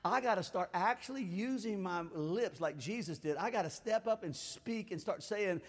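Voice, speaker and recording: A man preaching a sermon in a fairly high voice, rising to loud, fervent exhortation and then dropping to a hushed, close tone. His words ring out in a big hall with a long reverb tail. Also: moderate pace, hardly any pauses. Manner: swings from loud exhortation to hushed, intimate talk. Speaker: pastor.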